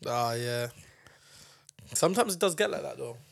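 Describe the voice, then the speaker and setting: A young man co-hosting a casual podcast chat, acting out quoted lines with lively slang. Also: mid-range voice, normal speed, creaky, no room sound, clean studio sound. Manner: animated storyteller who acts out quotes in slang. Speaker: podcast co-host.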